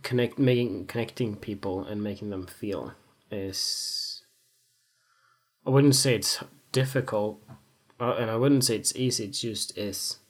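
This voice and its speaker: A man's voice: fairly low pitch, measured pace. A young man and photographer talking frankly in a casual, rambling monologue, swearing freely and joking at his own expense. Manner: candid, rambling, swears freely, self-mocking humor.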